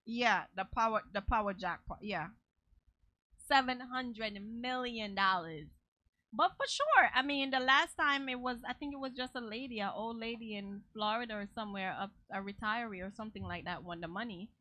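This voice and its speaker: A woman's voice: a little high, moderate pace, bright, forceful tone, no room sound. A woman from Jamaica co-hosting a talk show, chatting casually and laughing often. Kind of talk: casual chat.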